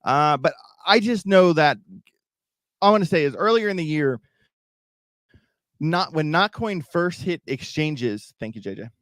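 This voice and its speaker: A man's voice: a little high, animated, a little slow, pauses often, fairly bright tone, no room sound, clean studio sound. A man hosting a crypto livestream in casual, rambling talk, often restarting and repeating himself while addressing viewers. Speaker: crypto YouTube host.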